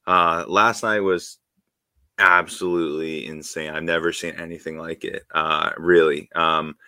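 Deep-voiced excited podcast guy. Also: unhurried, no room sound, clean studio sound. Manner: excited, rambling with many fillers and restarts. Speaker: podcast co-host. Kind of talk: casual podcast chat.

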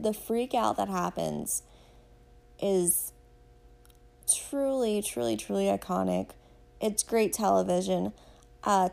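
A woman's voice: mid-range voice, creaky, mellow. A woman hosting a podcast, chatting casually and gushingly as she recaps a show and talks straight to her listeners. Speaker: podcast host.

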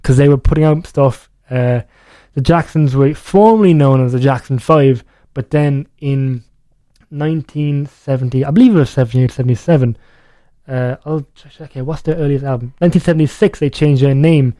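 A man's voice: mid-range voice, moderate pace, mellow, no echo. A young man hosting a music radio show, chatting casually in a rambling way and often correcting himself. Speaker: radio DJ host.

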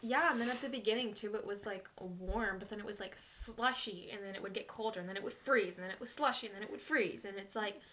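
A woman's voice: mid-range voice, fast, hardly any pauses, fairly bright tone, a little hiss or hum. A young woman from Saskatchewan in casual chat, sarcastic and laughing often as she tells stories. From Saskatchewan, Canada.

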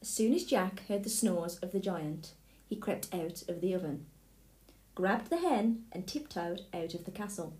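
A woman reading a fairy tale aloud in a clear, steady way. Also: fairly low pitch, a little slow. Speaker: storyteller. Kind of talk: storybook read-aloud. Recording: echoey room.

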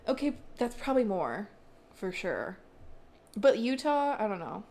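Young female podcast co-host, casual and rambling, lively pitch. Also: unhurried. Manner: giggly, rambling, lots of "like". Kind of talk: casual chat.

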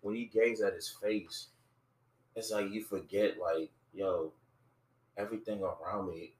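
A man's voice: deep voice, steady tone, unhurried, a little mellow. A man talking earnestly in a casual conversation about faith, quoting scripture and often restarting his sentences. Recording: echoey room, voice from a distance.

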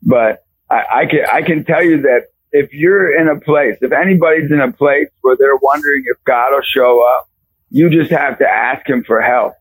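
A man guest on a radio show, giving a fervent faith testimony with raspy storytelling and bursts of shouting. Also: medium pitch, normal speed, poor audio.

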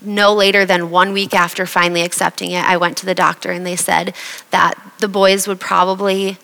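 A young woman from Iowa giving an earnest, emotional personal faith testimony at a slow, heartfelt pace. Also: fairly low pitch, level tone, creaky, sharp tone, in a large hall, poor audio. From Iowa, USA.

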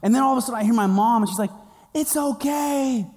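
A pastor with a notably high voice, preaching to his congregation. He tells stories with humor and plays out the people in them. His voice rings with the long reverb of a big hall. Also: racing. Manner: humorous storytelling with quoted voices. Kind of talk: sermon. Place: church auditorium.

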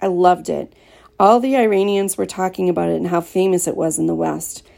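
A woman reads a first-person story aloud, steady and plain in her telling. Her voice sits low and is heavily gravelly, with a dark, mellow tone. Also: a little fast. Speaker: audiobook narrator.

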